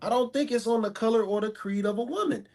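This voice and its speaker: A man's voice: very high-pitched, fast talker, darkish tone. A man speaking as a talk show guest, stating firm, repetitive opinions about women in casual talk.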